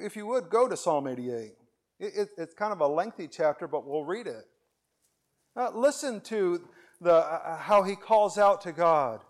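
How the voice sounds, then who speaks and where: Slow, high-voiced earnest preacher. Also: male voice. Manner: earnest, pleading, swings from loud to hushed. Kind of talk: sermon.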